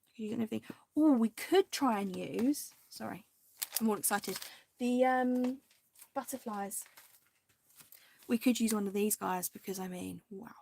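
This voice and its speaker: A woman hosting a crafting video, chatting casually and indecisively to viewers, now and then dropping into soft half-whispered asides. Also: mid-range voice, moderate pace, gravelly, pauses often, slight background noise.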